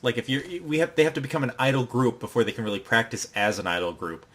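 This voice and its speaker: A young man co-hosting a podcast, casually recapping an anime episode in a rambling way and acting out the characters' lines in quick put-on voices. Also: mid-range voice, expressive. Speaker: podcast co-host.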